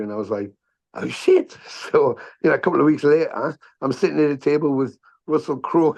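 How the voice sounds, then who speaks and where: Middle-aged man, guest on a chat podcast: lively, profane storyteller who acts out the quotes. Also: mid-range voice, vocal fry. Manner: animated storyteller, swears freely, acts out quotes. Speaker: podcast guest, musician and actor. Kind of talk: casual storytelling interview.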